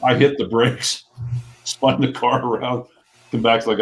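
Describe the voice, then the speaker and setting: A man's voice: mid-range voice, level tone, unhurried. A man chatting casually on a livestream, telling rambling stories and chuckling as he goes. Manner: rambling storyteller, chuckles often. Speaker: vlogger guest.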